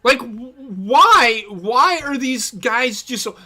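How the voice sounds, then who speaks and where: A man's voice: very high voice, lively intonation, slow pace, few pauses, bright, forceful tone. A man co-hosting a casual sports podcast, ranting bluntly and cursing heavily. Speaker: podcast co-host.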